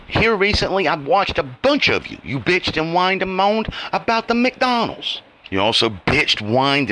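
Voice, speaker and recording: Profane, ranting man with a lively voice. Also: a little high, slight background noise. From United States. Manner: profane, scolding and sarcastic. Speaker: vlogger. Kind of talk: angry rant to camera.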